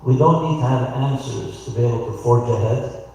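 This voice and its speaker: A rabbi giving a reflective sermon, asking the congregation rhetorical questions and telling a story. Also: male voice, mid-range voice, normal speed, vocal fry, dark tone. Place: synagogue sanctuary. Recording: roomy hall, voice from far off.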